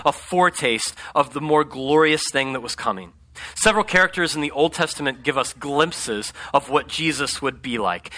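A man preaching a conversational sermon, often checking in with his congregation by asking "right?". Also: a little high. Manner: conversational, animated, asks the audience "right?". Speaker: pastor.

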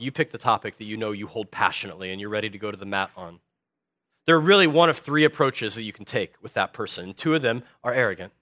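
A man preaching a sermon as a pastor, swinging from hushed earnest lines to loud animated bursts. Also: lowish voice, dry recording.

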